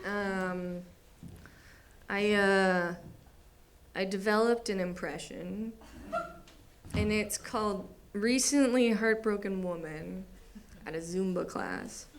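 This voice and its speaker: A woman's voice: medium pitch, steady tone, slow pace, long pauses, background noise. Young woman doing stand-up, laughing often. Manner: laughing often, acting out voices of others. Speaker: stand-up comedian. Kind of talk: stand-up comedy set. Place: small theater stage.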